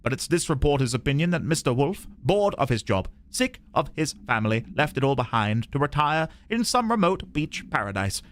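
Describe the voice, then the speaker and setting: A man's voice: medium pitch, sing-song, fairly bright tone. British man doing an old-timey newsreader. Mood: mock serious. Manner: slow, mock-formal newsreader delivery. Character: old-timey male TV news presenter.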